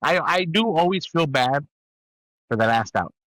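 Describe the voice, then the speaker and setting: A man's voice: a little high, expressive, measured pace, fairly bright tone, dry recording, low-quality recording. A man in a casual podcast chat, easygoing, laughing often and saying "bro.".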